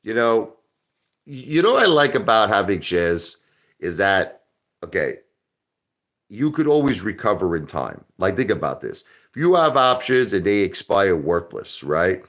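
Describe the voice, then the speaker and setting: A very low-voiced man hosts a live stream, rambling and cracking jokes. He gets loud when he is joking around and goes quiet and somber at other times. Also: very animated, measured pace. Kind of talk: casual live-stream chat.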